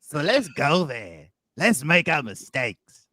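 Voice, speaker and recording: A man putting on the voice of an earnest male rock singer, with a slow, sweeping sung delivery. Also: fairly high pitch, very animated, bright, forceful tone, full character voice. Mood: mock earnest.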